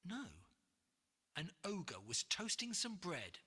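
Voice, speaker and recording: A woman reading a rhyming picture book aloud in an expressive, breathy voice with dramatic pauses. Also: lowish voice. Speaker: narrator. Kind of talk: rhyming storybook read-aloud. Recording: long hall reverb.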